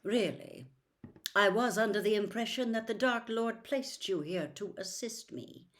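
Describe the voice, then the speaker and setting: A woman's voice: mid-range voice, a little slow, voice pushed up, lightly acted. A woman reading aloud and voicing a cold male wizard who speaks lazily, silkily and with a sneer. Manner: lazy, silky and sneering. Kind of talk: audiobook reading.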